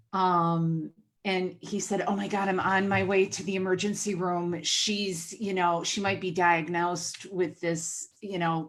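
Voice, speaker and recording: Storytelling woman podcast host. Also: mid-range voice. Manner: animated storytelling, acting out quoted dialogue. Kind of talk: casual podcast conversation.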